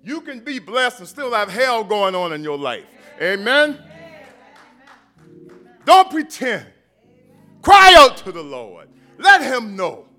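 A man preaching a fervent sermon in a strikingly high, bright voice. His delivery swings widely in pitch and rises to shouted refrains that call on the congregation. He takes his time, with faint music underneath. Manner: impassioned, builds to shouted refrains with call-and-response.

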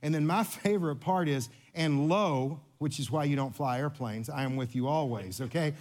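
Male pastor, high-pitched tenor, playful and interactive sermon delivery in a church. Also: moderate pace. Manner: lively, interactive, playful with congregation. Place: church sanctuary.

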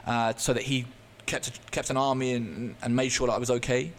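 A man's voice: medium pitch, level tone, a little hiss or hum. A man, a podcast guest, telling a candid personal story in an earnest, open way, often restarting his sentences. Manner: halting, frequent restarts and fillers.

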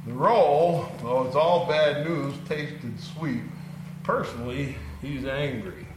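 A man's voice: medium pitch, slow, background noise. A man teaching through a Bible passage verse by verse in a folksy, conversational way, reading scripture aloud and then explaining it.

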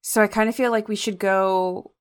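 A woman co-hosting a podcast, opening the show and chatting casually about a book in brief, relaxed replies. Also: mid-range voice, moderate pace, clear, resonant tone. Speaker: podcast co-host. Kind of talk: casual book-review chat.

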